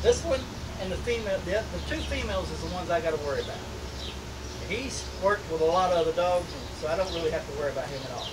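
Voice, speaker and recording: Guy talking in his backyard, voice sits a bit high, plain and firm, birds faint behind him on a camera mic. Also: lively intonation, quick pace, background noise. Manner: plain-spoken, firm commands with sudden sharp shouts at the dogs. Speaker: dog owner filming his own pack. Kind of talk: casual instructional narration. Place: outdoors in a backyard. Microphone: handheld camera mic.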